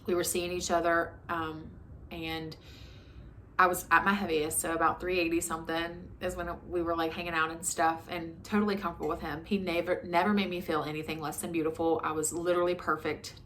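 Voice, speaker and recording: A woman's voice: lowish voice, level tone, a little fast, a bit bright, slight background noise. A woman in her twenties telling a frank personal story to her camera, talking conversationally with many likes and ums. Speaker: vlogger. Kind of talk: candid storytime monologue.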